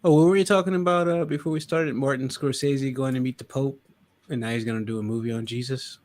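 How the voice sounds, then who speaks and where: Man, mid-pitched voice, casual podcast talk, animated, swears freely. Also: quick pace. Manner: animated, swears and laughs often. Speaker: podcast host. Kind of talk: casual chat.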